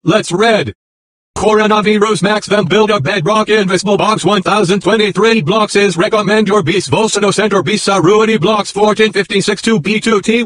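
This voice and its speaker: A male channel host rambling excitably through a reading and his own commentary, exclaiming over and over, with the playback sped up. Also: sits high. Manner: excitable, keeps exclaiming "oh golly".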